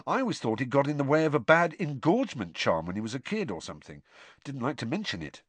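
A man's voice: mid-range voice, big pitch swings, quick pace, breathy edge, no echo, voice pushed up. A man voicing an awkward, blustering teenage boy who fumbles for words. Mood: fumbling chatty. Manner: fumbling, blustering, hesitant restarts.

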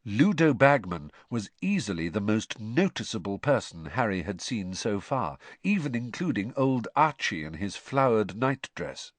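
A man's voice: lowish voice, very animated, normal speed, few pauses, no echo. A man narrating a novel in an audiobook reading, telling the story expressively. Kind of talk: scripted narration.

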